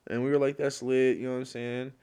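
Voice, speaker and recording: Speaking alone at a middle pitch with a level, clean tone, a young podcast host races through a rambling story full of slang and fillers. When a topic gets to him, he turns loud and worked up, ranting energetically, and the whole chat feels casual and off the cuff.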